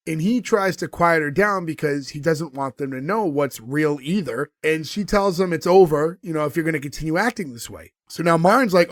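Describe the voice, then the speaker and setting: A man's voice: fairly high pitch, expressive, normal speed, hardly any pauses, no room sound, studio quality. Chatty man recapping with fillers. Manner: retells scenes with quoted lines, many fillers. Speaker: podcast co-host recapping an episode. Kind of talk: casual chat.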